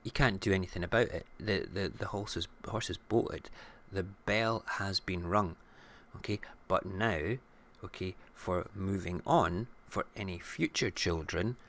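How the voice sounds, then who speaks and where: A man's voice: low voice, a little slow, fairly bright tone. A middle-aged Scottish man hosting a casual morning show, irreverent and jokey, ranting with swearing. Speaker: radio show host.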